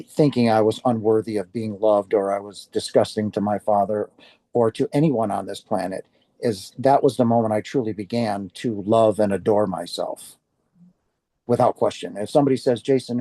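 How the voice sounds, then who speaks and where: A man's voice: on the low side, mellow, no room sound. A man giving an earnest personal testimony to an audience about his near-death experience, acting out his own past reactions as he tells it.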